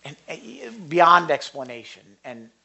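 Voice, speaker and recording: Earnest guy preaching, highish sharp voice, loud questions then quiet asides. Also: sing-song, measured pace, creaky. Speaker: Bible teacher. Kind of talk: conversational sermon.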